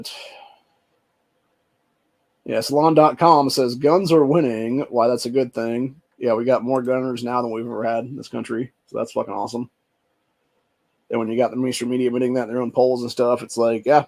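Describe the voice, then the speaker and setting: A man's voice: medium pitch, a little mellow. Profane ranting American male podcast host. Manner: says "dude" often. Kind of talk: solo commentary reading news headlines.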